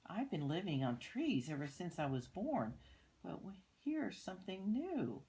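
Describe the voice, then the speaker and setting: A woman's voice: big pitch swings, a little slow, warm tone. An older woman voicing a chirpy little male storybook bird. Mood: delighted. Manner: chirpy and very high.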